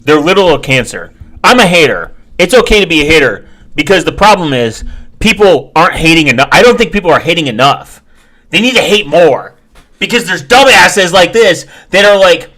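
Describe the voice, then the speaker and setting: Ranting man with a bright, edgy voice. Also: fairly high pitch, sing-song, moderate pace. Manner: angry, profane, mocking, breaks into sudden shouts; mumbles quietly while reading comments aloud. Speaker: streamer reacting to videos. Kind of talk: ranting reaction commentary.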